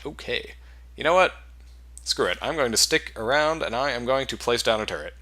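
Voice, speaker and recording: A man's voice: mid-range voice, moderate pace. Wry man playing a game. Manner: wry, deadpan asides. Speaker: game let's-play host. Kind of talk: casual commentary while playing.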